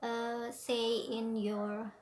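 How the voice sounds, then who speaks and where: A woman with an Indonesian accent giving an explanatory lesson as a presenter, slow and deliberate with frequent fillers. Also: a little high, level tone, a little mellow, a little hiss or hum.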